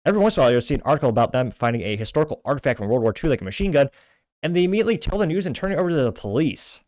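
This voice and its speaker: Male podcast host, mid-range voice, quick scornful delivery, dry booth sound. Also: mid-range voice, big pitch swings, darkish tone, dry recording. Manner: brisk, scornful commentary between read-out quotes. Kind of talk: reading out and commenting on social media posts.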